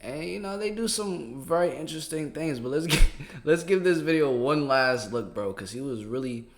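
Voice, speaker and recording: A man's voice: a little high, expressive, moderate pace. A man hosting a casual reaction commentary, talking in slangy, joking, laid-back phrases. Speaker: commentary host.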